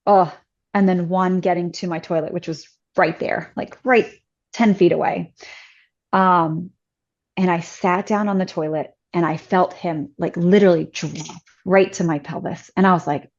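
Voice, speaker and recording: A woman guest on a podcast, telling a personal story in a chatty, casual way, full of "like" fillers and lively acted-out quotes. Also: on the low side, moderate pace, highs cut off.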